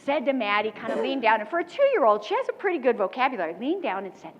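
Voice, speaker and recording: High-voiced woman giving a keynote. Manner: animated storytelling, quick laughs. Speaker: keynote speaker. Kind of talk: motivational keynote speech. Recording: dull recording with long hall reverb.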